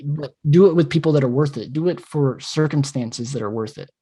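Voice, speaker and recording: A man's voice: fairly high pitch, brisk, dark tone, slightly rough. A man co-hosting a casual podcast, ranting passionately and swearing freely, often acting out his own thoughts in quoted asides. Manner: passionate rambling rant with swearing. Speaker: podcast co-host.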